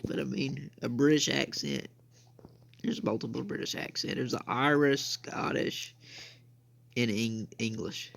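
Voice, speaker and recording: Young male game streamer, very gravelly voice, loose rambling chatter, faint hiss behind. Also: medium pitch. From United States. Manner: rambling, repeats "I mean" and "bro". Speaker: gaming channel host. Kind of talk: casual gameplay commentary.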